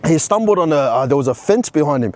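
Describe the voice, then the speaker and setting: A man's voice: fairly high pitch, animated, fast talker, darkish tone. A man casually recounting a personal story, with frequent restarts and plenty of "bro" and "you know". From Australia.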